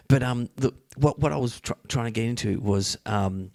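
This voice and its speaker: A man's voice: medium pitch, normal speed, gravelly, a little mellow. An Australian man hosting a casual podcast chat, rambling with many fillers and restarts and swearing freely. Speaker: podcast host.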